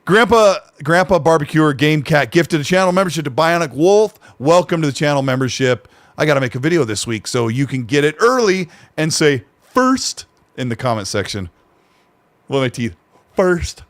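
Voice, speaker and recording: A man's voice: on the high side, expressive, fairly quick, hardly any pauses, no room sound. A man hosting a casual live-stream podcast, reading viewer messages aloud in an easygoing, slightly nasal voice. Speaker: podcast host.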